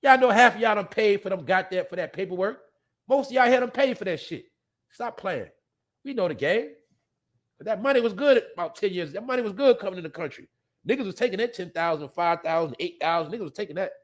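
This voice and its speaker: Man, fairly high voice, blunt profane rant, rambling, laughs a lot, live-stream host. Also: expressive, quick pace. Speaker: podcast host.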